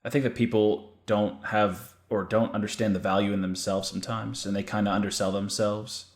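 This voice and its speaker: A man's voice: lowish voice, little pitch movement, brisk, roomy sound. A man hosting a podcast, asking questions and reflecting in an easygoing casual chat. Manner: easygoing, reflective, uses "you know". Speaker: podcast host.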